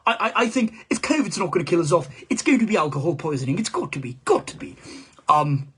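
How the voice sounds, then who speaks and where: A man's voice: fairly high pitch, animated, fast talker, a bit bright, breathy edge, full character voice. A male comedian doing a comic impression of a rambling, foul-mouthed male politician in a live-stream monologue, stammering and swearing as he goes.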